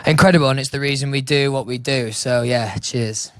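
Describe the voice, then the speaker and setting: A man's voice: mid-range voice, fairly even intonation, brisk, a bit bright, no room sound. A British man, a guest singer, chatting casually and self-deprecating in a radio studio. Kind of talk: casual interview chat.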